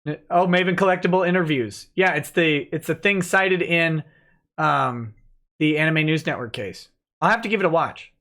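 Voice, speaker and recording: A man hosting a relaxed livestream, reading viewer messages aloud and answering them offhandedly. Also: on the high side, normal speed. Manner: reads donor messages aloud, chatty and offhand. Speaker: livestream host reading chat. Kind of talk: relaxed live-stream chat.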